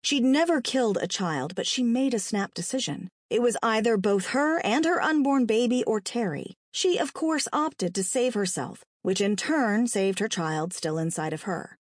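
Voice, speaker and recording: A woman reading a dark story aloud with a dramatic, expressive delivery. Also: fairly high pitch, normal speed, few pauses, no room sound, studio quality. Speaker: narrator.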